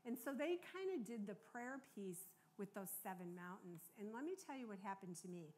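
A woman's voice: medium pitch, lively intonation, normal speed, darkish tone. An older American woman preaching a sermon in a conversational, earnest way, often checking in with the congregation. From United States.

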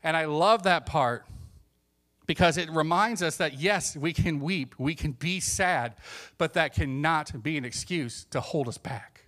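An animated man preaching a sermon with a fairly high voice. He drops to hushed tones and then builds to emphatic points. He acts out the voices of the people he quotes. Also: unhurried.

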